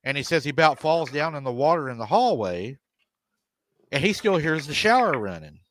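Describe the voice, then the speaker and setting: A man's voice: on the high side, very animated, normal speed, a bit bright, no echo. A man hosting a live paranormal stream, retelling a family's story and quoting the people in it. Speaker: paranormal show host.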